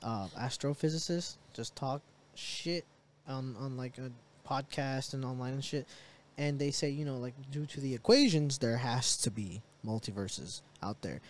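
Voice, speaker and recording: A young man on a podcast telling stories in a loose, animated way and swearing freely. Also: medium pitch, moderate pace. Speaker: podcast co-host. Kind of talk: casual chat.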